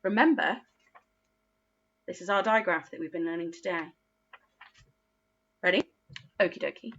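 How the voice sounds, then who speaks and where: A woman teaching a phonics lesson to young children, encouraging and sing-song, sounding out letters slowly and praising often. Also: lowish voice, fairly bright tone, highs cut off, a little hiss or hum. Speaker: primary school teacher.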